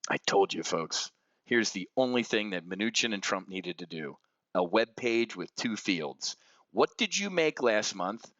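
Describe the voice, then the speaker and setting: Heated, profane low-voiced market ranter. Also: male voice, a bit bright, no room sound, highs cut off. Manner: heated, blunt and profane, swinging between outrage and somber. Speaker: options trading show host. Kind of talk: unscripted market commentary rant.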